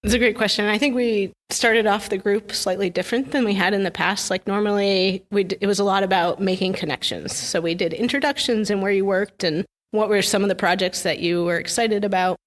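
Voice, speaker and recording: A woman's voice: medium pitch, steady tone, a little fast, hardly any pauses. A woman in her forties with a mid-range voice talks through ideas in a casual podcast conversation. She sounds friendly and thoughtful. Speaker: trail contracting business owner.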